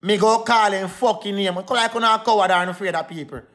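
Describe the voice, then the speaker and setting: High, bright-voiced Jamaican man ranting. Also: fast talker. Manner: defiant, repetitive, addresses viewers directly. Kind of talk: heated livestream rant.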